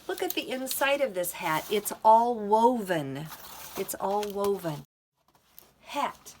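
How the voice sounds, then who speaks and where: Slow, animated older woman teacher. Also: mid-range voice. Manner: animated, sounds out letters slowly for small children. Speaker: preschool teacher. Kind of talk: online children's lesson.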